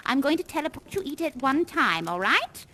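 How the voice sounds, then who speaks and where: A fussy, theatrical party hostess gushes through an improvised tour. Her voice sits high and swoops widely with chatty exclamations. She talks into a headset microphone. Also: big pitch swings, moderate pace, bright, forceful tone, a little hiss or hum, exaggerated voice, rough recording. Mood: gushing. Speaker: live actor guiding a tour in a virtual reality theater show. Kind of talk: improvised live role-play.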